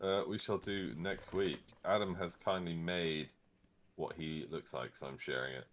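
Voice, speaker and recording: A man in casual chat after a tabletop game, animated and quick to laugh. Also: low voice, a little hiss or hum.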